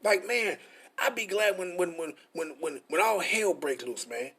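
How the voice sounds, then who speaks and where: Husky-voiced man preaching, high pitched. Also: lively intonation, measured pace, sharp tone. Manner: frustrated, profane, repetitive preaching. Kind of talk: informal scripture teaching.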